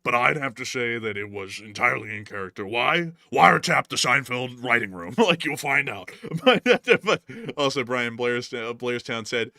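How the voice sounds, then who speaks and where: A man's voice: medium pitch, expressive, normal speed, few pauses, pushed and bright, dry recording, clean studio sound. A man hosting a casual comedy chat, rambling and joking. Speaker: host.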